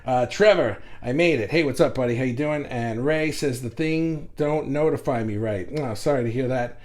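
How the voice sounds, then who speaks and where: A man hosting a casual livestream, talking loudly and with energy about acceptance and greeting viewers by reading their comments aloud, speaking into a desk mic set well back from him. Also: mid-range voice, moderate pace. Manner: loud, animated, reads viewer comments aloud. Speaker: livestream host. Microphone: desk mic kept at a distance without pop shield.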